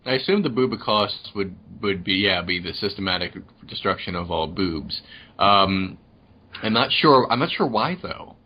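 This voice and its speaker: A man's voice: low voice, lively intonation, moderate pace, sharp tone. A man co-hosting a podcast, rambling through crude jokes with stammered restarts in casual chat. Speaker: podcast co-host.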